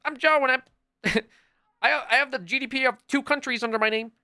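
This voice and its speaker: A man's voice: very high voice, brisk, pushed and bright, clean tone, voice pushed up, full character voice. A man doing a chirpy meek billionaire guy. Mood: smug. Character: bland, meek adult male billionaire.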